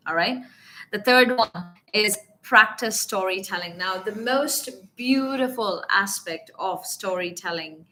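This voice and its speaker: A woman coaching business English in a live online lesson, talking animatedly and checking in often with her viewers. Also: fairly low pitch. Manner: animated teaching with repeated check-ins. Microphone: webcam or phone mic on a live stream.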